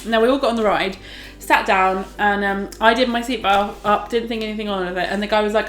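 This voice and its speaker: A woman's voice: mid-range voice, steady tone, fast, reverberant, a little hiss or hum. A young woman, telling stories casually as a vlogger, chatty and full of fillers. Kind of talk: casual storytelling.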